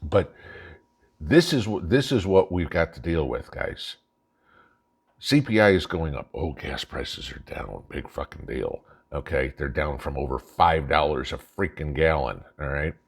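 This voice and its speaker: Brief: low-pitched male host, angry ranting monologue, blunt, profane, mocking. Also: animated, unhurried, vocal fry, breathy edge. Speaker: channel host.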